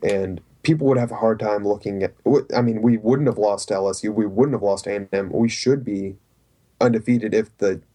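A man's voice: on the low side, a little fast, dark tone. A man with a Southern US accent co-hosting a casual podcast, rambling and hedging as he talks. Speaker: podcast co-host.

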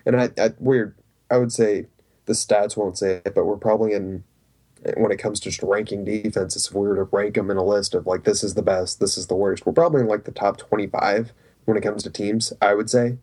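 A man's voice: on the low side, steady tone, fairly quick, a little mellow. A man with a Southern US accent co-hosting a casual podcast, rambling and hedging as he talks. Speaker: podcast co-host.

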